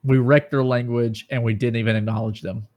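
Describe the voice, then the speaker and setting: A man's voice: medium pitch, fairly quick. An American man with a Southern twang, hosting a casual podcast chat over a call and joking around with his co-hosts. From United States. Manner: joking, animated, drifts into a put-on twang. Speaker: podcast host.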